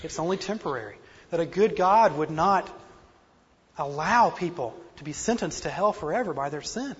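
A man's voice: on the high side, expressive, moderate pace, husky. A man preaching a sermon with earnest, self-deprecating emphasis and a slight speech impediment. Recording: dull lo-fi recording in a reverberant hall.

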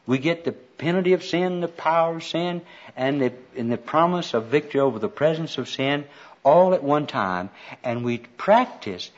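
A man's voice: a little high, expressive, normal speed. An older man preaching a sermon, quoting scripture with folksy, self-deprecating humor, on a dull lo-fi recording.

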